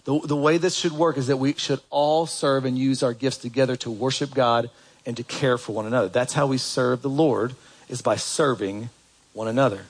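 A man's voice: medium pitch, steady tone, moderate pace. A man preaching a sermon in a church, talking in a conversational way and putting questions to the congregation. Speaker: pastor.

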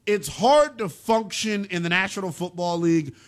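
A man hosting a call-in sports radio show, ranting in a slangy, animated way. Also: high-pitched, normal speed.

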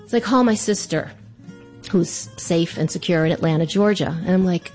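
A woman telling a comic personal story in an animated, self-mocking way. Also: lowish voice, normal speed, faint music behind.

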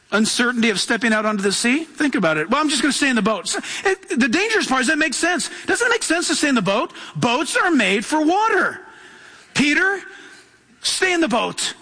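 A man preaching as a pastor, emphatic and lively, acting out voices as he tells the story. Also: extremely high pitch, big-room sound. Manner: emphatic, acts out voices in his telling. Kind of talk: sermon.

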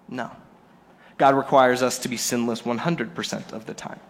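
A man preaching a Sunday sermon in church, telling a story with lively shifts in tone. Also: medium pitch, brisk, long reverb tail. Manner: animated storytelling, acting out scenes in quotes. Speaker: pastor. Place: church service before a congregation.

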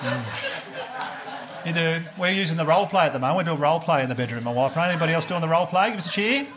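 An Australian man doing a stand-up comedy set, telling crude stories in a deadpan way and quoting other people's voices. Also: on the high side, very fast, a little hiss or hum. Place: comedy club stage before a live audience. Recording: live stage mic, loud crowd laughter. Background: audience laughter.

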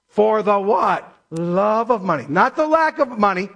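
A man preaching a sermon as pastor, emphatic, slowing down to stress scripture. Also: sits high, sing-song, a bit bright. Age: middle-aged or older.

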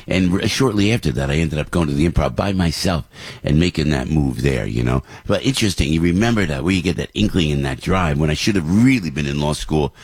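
A middle-aged New man hosts a morning radio show and rambles through a story, starting over again and again. His voice sits very low but swings widely in pitch. It has a husky edge and is recorded close and dry. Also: expressive, a little fast, dry recording. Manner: rambling, chatty, with many restarts.

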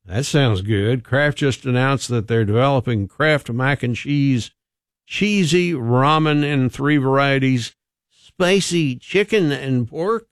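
A man's voice: medium pitch, slow, no room sound, clean studio sound. A man co-hosting a radio show, chatting casually and reading a food news item with joking asides. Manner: easygoing, chatty, reads news items with asides. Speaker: radio co-host.

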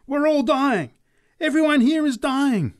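Man voicing a high shrill woman preacher, zealous, loud, crying out, storybook reading. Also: animated, unhurried, no echo, studio quality. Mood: ecstatic.

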